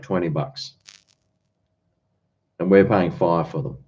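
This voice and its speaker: A livestream host with a low, mellow voice chats loosely with viewers, reading their comments aloud and answering them. His casual talk rambles from topic to topic, and the audio sounds dull and lo-fi.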